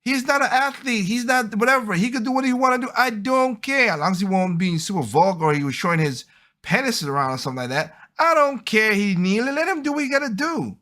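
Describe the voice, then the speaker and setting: Man, podcast host, bright tone, slightly high voice, rambling opinionated chat. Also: expressive, quick pace. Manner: rambling, opinionated, acts out quoted people. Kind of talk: casual opinion monologue.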